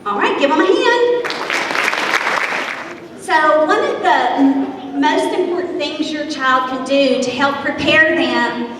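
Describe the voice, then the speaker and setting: A woman's voice: high voice, slow, pauses often, crowd noise. A woman kindergarten teacher, speaking to parents at a school event and leading children in drills. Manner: upbeat, leading children in call-and-response drills. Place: school gathering space. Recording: echoey hall from far off, faint noise.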